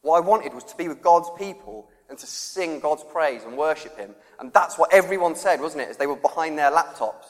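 A man's voice: a little high, animated, fairly quick, hardly any pauses. A man preaching a conversational sermon, acting out quoted voices and laughing often. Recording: long reverb of a church hall.

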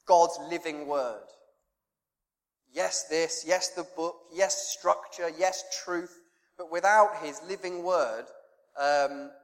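A man with a higher-pitched voice speaks slowly, preaching an informal sermon that's conversational and self-deprecating, full of rhetorical questions. Long hall reverb surrounds his words.

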